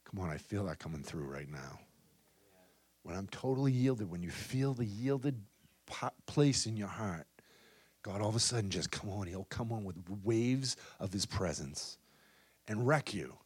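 A man preaching a charismatic sermon, swinging between loud exhortation and soft, intimate asides, often adding "come on" and "right?". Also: lowish voice, lively intonation, a little slow, slightly rough, no echo. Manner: peppers talk with "come on" and "right?".

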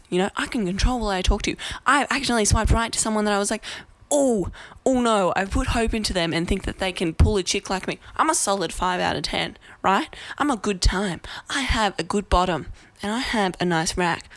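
A woman's voice: medium pitch, a bit bright, no echo. A woman, a bit drunk and rambling in a chatty, self-deprecating way as she hosts a casual vlog. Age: 20s. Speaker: vlog host. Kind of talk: casual tipsy rant to camera.

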